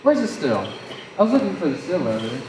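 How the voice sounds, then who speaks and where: A teenage boy playing a wordy, sardonic young man in a high school stage play, talking in a theatrical way. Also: huge pitch swings, brisk, darkish tone. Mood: wry. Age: teens. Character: fast-talking self-assured young man courting. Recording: roomy, distant mic, faint noise.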